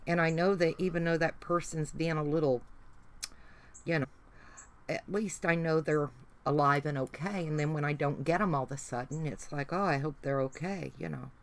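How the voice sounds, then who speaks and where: A woman's voice: low voice, steady tone, normal speed. A middle-aged woman with a Southern accent, chatting folksily to her livestream viewers while she works on a craft project. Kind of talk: casual chat while crafting.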